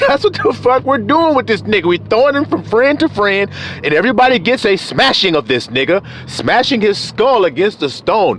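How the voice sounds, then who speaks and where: A man preaches in a high, wildly swinging voice, jumping from shouts down to low, quiet asides. His rant is coarse and full of street slang, and a faint hum of noise runs behind him. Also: big pitch swings, moderate pace. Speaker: self-styled preacher. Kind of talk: fiery profane scripture rant.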